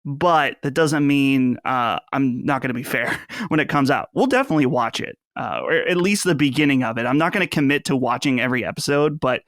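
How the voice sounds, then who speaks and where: A man co-hosting a podcast in casual chat, speaking in a measured, hedging way. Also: mid-range voice, lively intonation, fairly bright tone, no room sound, studio quality. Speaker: podcast co-host.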